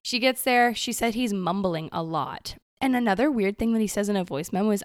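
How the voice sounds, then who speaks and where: A woman's voice: medium pitch, brisk, no echo, clean studio sound. Chatty young woman retelling gossip. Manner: animated storytelling, quoting people with "he's like". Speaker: podcast co-host. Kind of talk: casual chat, retelling a gossip story.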